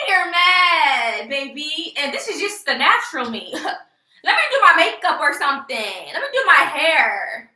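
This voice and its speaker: This young vlogger is very animated as she rants mockingly and sassily on a casual livestream, breaking into frequent laughter. She talks at a measured pace in a high, bright, sharp voice, and her room echoes.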